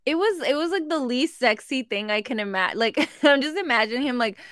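A woman joins a casual book discussion, laughing through her points and slipping into Spanish. Her voice is a little high and sounds dry and close. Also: animated, brisk, a bit bright, dry recording. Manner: laughing, switches into Spanish mid-thought. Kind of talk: casual book-club chat.

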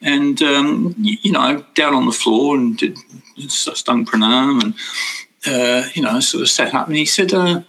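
A man's voice: mid-range voice, animated, unhurried, a bit bright, slight background noise, poor audio. An older man casually recalling personal spiritual experiences, rambling and self-interrupting, chuckling often.

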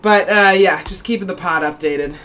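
A woman's voice: on the low side, normal speed, fairly bright tone. A young woman co-hosting a podcast, telling blunt, swear-filled stories in casual chat. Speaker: podcast co-host.

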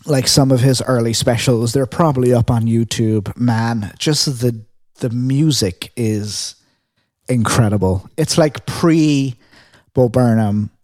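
A man's voice: medium pitch, takes it slowly, no echo, studio quality. A man co-hosting a casual podcast chat, telling stories with lots of fillers and humming the music he describes. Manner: animated storyteller, hums and sings riffs; rambling with many fillers. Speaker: podcast co-host.

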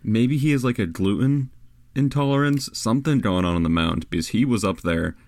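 A man's voice: fairly low pitch, brisk, a little mellow, dry recording. A young man hosting a casual sports podcast in laid-back, easygoing banter on a close mic. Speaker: podcast host. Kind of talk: casual chat.

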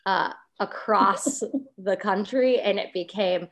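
A young woman talks casually as a guest on a radio show. She teases and laughs easily as she speaks. Her voice sits at an ordinary middle pitch. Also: slow pace, vocal fry, a bit bright. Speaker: podcast co-host, guest.

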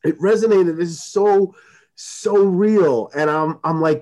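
Halting, fairly high-voiced man. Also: warm tone. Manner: halting, repeats words, swears for emphasis. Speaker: podcast co-host discussing a film. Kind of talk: casual chat.

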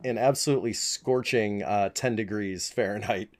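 A man's voice: on the low side, normal speed. A man from the Chicago area co-hosting a trivia podcast, joking and playful in casual chat. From Chicago area, USA. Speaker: podcast co-host.

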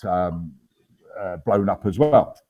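A man in his fifties speaks in a somewhat low voice. He tells his story in a casual, unpolished way, full of ums and restarts, with an understated, wry humour. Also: lively intonation, takes it slowly, warm tone, husky, dull audio. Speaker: interview guest, army veteran.

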